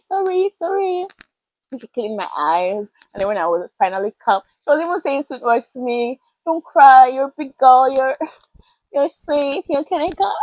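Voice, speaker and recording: A woman's voice: medium pitch, dry recording, low-quality recording. Chatty young Nigerian woman vlogger. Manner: chatty and animated, with pidgin words. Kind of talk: casual storytelling to camera.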